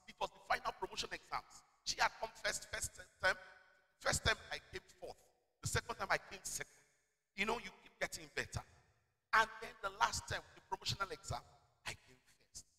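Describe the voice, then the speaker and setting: Animated preacher in an echoing hall. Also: male voice, high voice. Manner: animated preaching with call-and-response and storytelling. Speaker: pastor. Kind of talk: sermon. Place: church hall. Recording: reverberant church hall.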